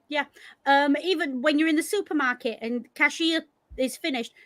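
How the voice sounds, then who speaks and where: A woman with a Yorkshire accent chatting casually on a podcast, animated and blunt, swearing freely. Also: sits high, normal speed. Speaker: podcast co-host. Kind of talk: casual chat.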